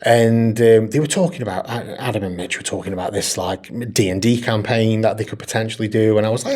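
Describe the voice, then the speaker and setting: A man's voice: fairly low pitch, fairly quick. A man co-hosting a casual podcast, telling stories with plenty of swearing and laughter. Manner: animated storyteller, laughs often, swears freely. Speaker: podcast co-host. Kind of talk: casual chat.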